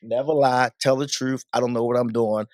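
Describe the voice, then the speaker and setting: A middle-aged man, a DJ guest on a podcast, telling stories in a lively, casual way with laughs and some swearing. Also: medium pitch, fairly quick, no room sound, clean studio sound. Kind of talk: casual storytelling interview.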